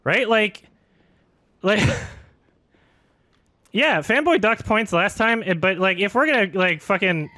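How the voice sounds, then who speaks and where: A man ranting over his gameplay on a live stream, exasperated and sweary, breaking into laughter as he goes. His voice sits a bit high and comes across bright and sharp. The sound is dry, with no room around it. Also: expressive, slow pace, pauses often, no echo. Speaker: game streamer. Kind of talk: ranting live-stream commentary while gaming.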